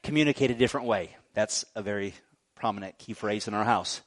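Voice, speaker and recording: A middle-aged male pastor giving a sermon in an animated, jokey way, often checking in with "right?". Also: on the low side, a little fast. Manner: animated, jokey preaching with frequent "right?" asides.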